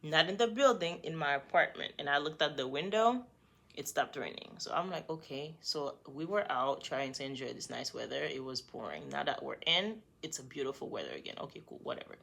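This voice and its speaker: Low-voiced woman telling a storytime. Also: fairly quick, creaky. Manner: animated, conversational, talks straight to the viewer. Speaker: vlogger. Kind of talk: storytime vlog.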